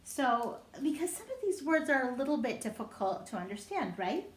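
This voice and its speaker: A woman leading a children's singing lesson, talking gently and encouragingly to the children. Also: sits high, sing-song, normal speed, reverberant. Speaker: primary singing time leader.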